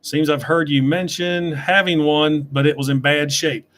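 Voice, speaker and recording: A man's voice: on the high side, flat delivery, moderate pace, fairly bright tone. Chatty man reading live chat questions. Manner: chatty, reads out viewer questions. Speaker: toy reviewer answering live chat. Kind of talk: casual livestream chat.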